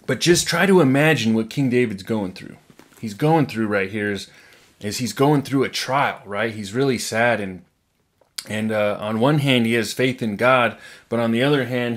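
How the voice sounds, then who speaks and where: A man's voice: mid-range voice, normal speed. Plainspoken man preaching a casual sermon. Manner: plainspoken, repeats words, often adds tag question "right?".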